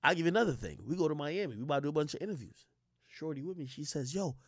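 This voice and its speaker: Animated swearing man ranting on stream. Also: rapid-fire, dry recording, studio quality. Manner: animated, swearing, voice jumps high for emphasis. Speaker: streamer and rap commentator. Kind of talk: casual streaming rant.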